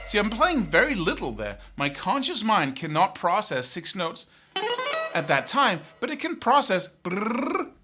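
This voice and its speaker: A middle-aged man teaching guitar, talking in an animated way and scatting riffs with syllables. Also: high-pitched, moderate pace. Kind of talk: spoken guitar lesson.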